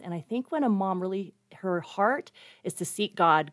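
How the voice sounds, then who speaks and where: A woman's voice: mid-range voice, lively intonation, normal speed, dry recording, studio quality. A woman author speaking as a guest in an interview, earnest and encouraging. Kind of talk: conversational interview.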